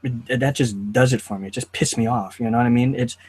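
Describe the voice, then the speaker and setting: A man hosting a casual review chat, talking in an animated, riled-up way. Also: medium pitch, quick pace, breathy edge. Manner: animated, riled up, quotes lines in put-on voices. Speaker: host.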